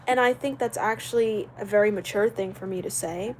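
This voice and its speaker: A young woman chatting loosely on a live stream in a rambling, animated way, with reactions to viewers' comments. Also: medium pitch, a little fast, a little hiss or hum, low-quality recording. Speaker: livestreamer. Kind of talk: casual live-stream chat.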